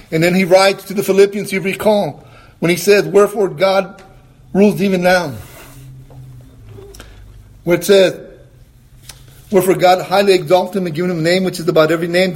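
A man with a high voice preaches an emphatic sermon. He asks his listeners questions and answers them himself, and he reads scripture more slowly and lower. He often clears his throat between points. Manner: quotes scripture in a slower, lower voice.

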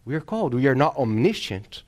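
A male pastor preaches at a middle pitch, driving his points home with emphasis. He repeats key phrases and pauses to ask the congregation for an amen. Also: very animated. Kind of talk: sermon.

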